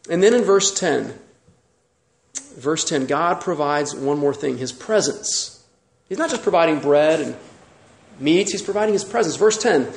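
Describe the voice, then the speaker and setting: A man preaching a sermon as pastor, animated and full of rhetorical questions. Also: fairly high pitch, reverberant.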